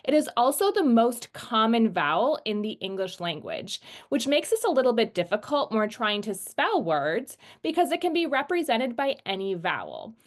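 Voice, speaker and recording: Patient woman teaching a phonics lesson. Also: medium pitch. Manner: patient, explains slowly and models sounds.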